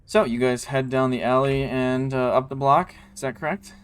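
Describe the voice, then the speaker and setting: A man's voice: mid-range voice, steady tone, normal speed, clean tone. A man running a tabletop game as game master, narrating in a loose, rambling way full of ums and likes.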